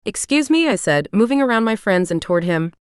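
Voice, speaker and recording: A woman reading a first-person romance audiobook aloud in a steady, even way. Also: fairly low pitch, quick pace, clear, resonant tone, no room sound, clean studio sound. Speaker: audiobook narrator.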